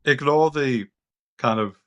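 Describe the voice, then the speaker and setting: A man's voice: mid-range voice, slow pace, fairly bright tone, muffled recording. A British man chatting casually as a co-host on a gaming podcast, rambling and a bit sweary. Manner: rambling, loose and sweary, lots of "kind of".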